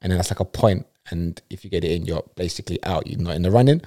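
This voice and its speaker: A man's voice: sits low, quick pace, mellow, dry recording, studio quality. A young man, co-hosting a casual podcast chat, full of slangy, teasing banter. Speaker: podcast co-host.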